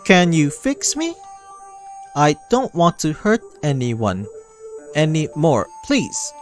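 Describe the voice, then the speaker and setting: A man voicing a frightened, glitching AI program with a halting robotic voice, reading a visual novel aloud over faint music. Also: fairly high pitch. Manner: halting, stuttering repeats.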